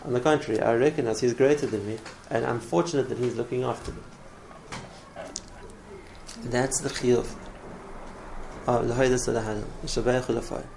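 Gravelly-voiced man teaching a religious class. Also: mid-range voice, steady tone, moderate pace, pauses often, noisy background. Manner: earnest, repeats words, restarts phrases. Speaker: Torah teacher.

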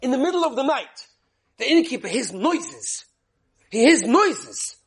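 A man preaching a Torah talk with a very high, husky voice. He tells a tale with lively rhetorical questions, dropping soft and then bursting loud for effect. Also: unhurried. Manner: animated, rhetorical questions, dramatic swings in volume. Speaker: rabbi giving a Torah talk. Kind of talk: sermon storytelling.

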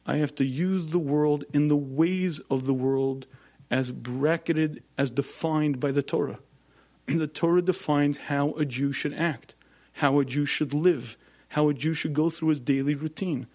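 A man giving a Torah lecture, building points with rhetorical questions and repetition and clearing his throat often. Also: on the high side, fairly even intonation, unhurried, a little mellow. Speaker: religious teacher.

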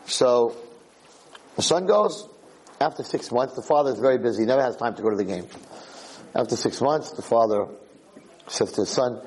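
A man's voice: medium pitch, moderate pace, pauses often, darkish tone, slightly rough, poor audio. A tired man teaching an informal Torah class, telling a joke in a chatty, storytelling way. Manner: chatty storyteller, acts out the characters. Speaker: rabbi giving a Torah class.

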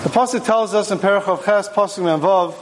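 A rabbi gives a conversational Torah class, telling stories and posing rhetorical questions. His voice is high and brisk, with a little hiss or hum in the recording.

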